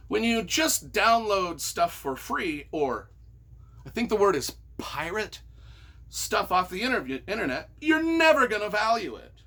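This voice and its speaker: A man's voice: high-pitched, bright, forceful tone, slightly rough. A man, a novelist, giving casual, mock-earnest and playfully sarcastic commentary, often stumbling over his words. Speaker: novelist reading reviews of his own books.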